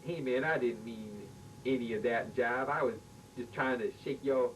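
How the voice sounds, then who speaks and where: A man doing a brash, shouting male visitor. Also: moderate pace, close to an everyday voice. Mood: boisterous. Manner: shouty, slangy. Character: brash, loud male visitor who boasts and dances. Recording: distant mic with faint rumble.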